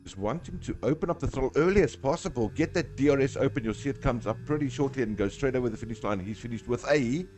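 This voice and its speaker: A man's voice: medium pitch, quick pace, few pauses, darkish tone. A man from South Africa with a South African accent, giving chatty live commentary on a sim race, talking through each turn and laughing often.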